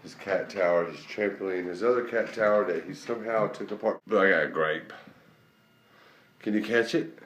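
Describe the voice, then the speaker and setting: A man's voice: sits low, moderate pace, fairly bright tone. A man talking to his pet monkey in its room, coaxing and praising it with frequent chuckles. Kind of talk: casual talk to a pet. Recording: echoey room, faint noise.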